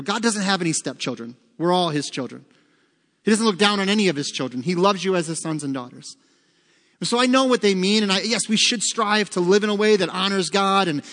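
A man's voice: high voice, fairly bright tone. A man preaching an earnest sermon as pastor, sometimes repeating words as he restarts. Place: church sanctuary. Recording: long church reverb.

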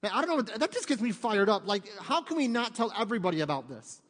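A man's voice: high-pitched, sing-song, fast, fairly bright tone. A man in his thirties preaching a conversational sermon, mixing jokes with fervent emphasis in a church. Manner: conversational, joking asides, rising to fervent emphasis. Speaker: pastor. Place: church sanctuary. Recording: long reverb of a church hall.

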